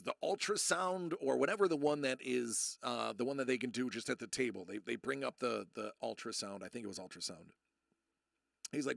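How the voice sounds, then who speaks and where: A man in his thirties rambling through a personal story to his live chat, often restarting and quoting people in a lowered voice. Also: creaky, a bit bright, dry recording, studio quality. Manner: rambling, self-interrupting, acts out quotes in a low voice. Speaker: streamer.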